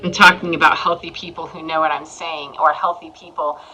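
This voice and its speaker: A woman's voice: low voice, level tone, a little fast, a crowd in the background, low-quality recording. A woman telling a personal story in a casual, emphatic spiritual monologue, acting out what people said. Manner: emphatic, storytelling with acted-out quotes. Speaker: spiritual vlogger.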